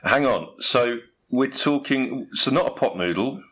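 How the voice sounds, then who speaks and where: A man's voice: mid-range voice, expressive, measured pace, a bit bright. A man playing straight man in a comedy chat, dry and sceptical, asking pointed questions.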